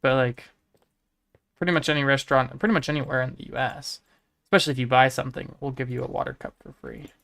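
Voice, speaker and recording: A man's voice: medium pitch, steady tone, fast, vocal fry, fairly bright tone. A man from the United States, talking casually on a game livestream and musing as he answers chat messages. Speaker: game streamer.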